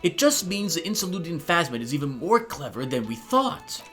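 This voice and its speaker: A man's voice: fairly high pitch, big pitch swings, moderate pace, sharp tone, faint music behind. A man voicing an old woman cryptozoologist in a game, reading her dialogue aloud in his own voice. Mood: hopeful.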